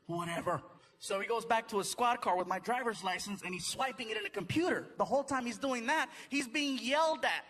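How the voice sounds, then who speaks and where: High-voiced male stand-up comic. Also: brisk, few pauses. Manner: acts out voices, shouts punchlines. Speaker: stand-up comedian. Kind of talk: stand-up storytelling. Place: comedy stage. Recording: live set with loud audience noise.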